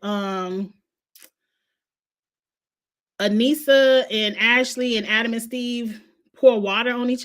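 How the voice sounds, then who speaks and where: Blunt, opinionated woman host. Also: on the high side. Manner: blunt, opinionated, swears freely. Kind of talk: casual reality TV recap.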